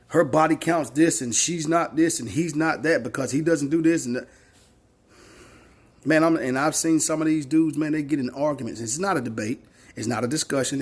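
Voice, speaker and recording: Husky blunt-talking man in his forties. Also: on the high side. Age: 40s. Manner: blunt, preachy, repeats points for emphasis, swears. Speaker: social media commentator. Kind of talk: opinion monologue to camera.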